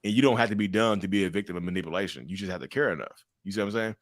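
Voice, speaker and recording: Deep-voiced guy from north carolina, laid-back chatty interview, laughs a lot, dry close sound. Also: rapid-fire, dry recording. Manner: animated, laughs often, acts out quotes. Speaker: guest. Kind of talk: casual interview talk.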